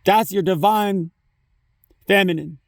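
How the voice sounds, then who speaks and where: A man's voice: high-pitched, slow, vocal fry, no echo, distant mic. A man giving a casual spiritual talk on his phone, rambling, swearing freely and saying "you know" often. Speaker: spiritual vlogger.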